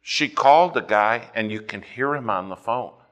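Speaking at a medium pitch and moderate pace, a man preaches a sermon built around a personal story. He tells it with animation, shifting back and forth between soft stretches and loud ones.

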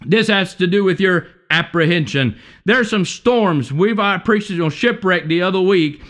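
A man's voice: sits high, normal speed, fairly bright tone. A man preaching a sermon, fervent and emphatic, repeating and stacking alliterative points, with many restarts.

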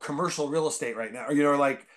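Bay area guy telling stories on a podcast, lots of "like", gets loud and excited, kinda high voice. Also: fast talker. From San Francisco Bay Area. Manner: rambling, filler-heavy, bursts into loud excited impressions. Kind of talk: casual podcast storytelling.

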